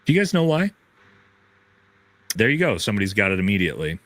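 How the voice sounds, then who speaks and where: An incredulous man rants through his commentary, swearing freely as his pitch swings up and down. His voice is close and dry, with no room sound around it. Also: very animated, fast talker, a bit bright, no echo. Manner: profane, incredulous ranting. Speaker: political commentator. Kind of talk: commentary on a clip.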